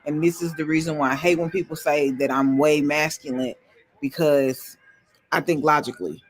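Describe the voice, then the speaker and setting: A man with a noticeably high voice and co-hosts a casual podcast. He is animated and jokey, laughing easily between points. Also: normal speed. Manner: animated, joking, laughs often. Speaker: podcast co-host. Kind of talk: casual chat.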